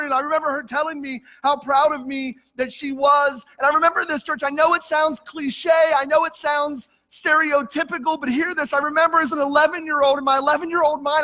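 Middle-aged man, pastor, earnest storytelling sermon, bright sharp tone, lingering church reverb. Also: very high-pitched. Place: church sanctuary. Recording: long reverb of a church hall.

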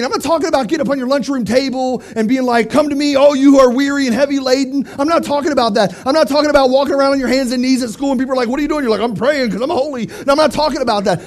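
A man giving an animated youth sermon, talking straight to teenagers and swinging from hushed to loud. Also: extremely high pitch. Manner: addresses teens directly. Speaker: youth pastor.

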